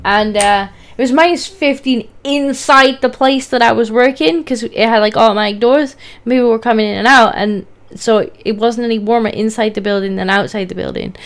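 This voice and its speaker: A young woman chats on her gaming stream, sounding animated and incredulous as she laughs her way through stories. Her voice sits a little higher than most women's, close on a desk mic. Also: moderate pace, hardly any pauses. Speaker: streamer host. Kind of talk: casual gaming chat.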